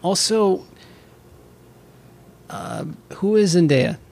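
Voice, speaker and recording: A man co-hosting a casual chat, talking haltingly with many restarts. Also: sits high, very animated, vocal fry, darkish tone. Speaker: podcast co-host.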